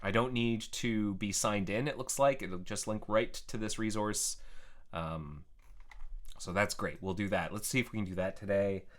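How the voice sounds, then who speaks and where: Man, lower voice, casual live-coding narration, relaxed, thinks out loud. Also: normal speed. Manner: relaxed, chatty, thinks aloud with fillers. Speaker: software developer streaming his work.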